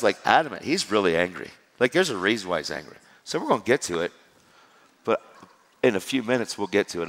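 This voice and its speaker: A middle-aged man preaching his personal testimony in a conversational style, swinging between loud and hushed. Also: a little high. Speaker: evangelist. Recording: long reverb of a large hall.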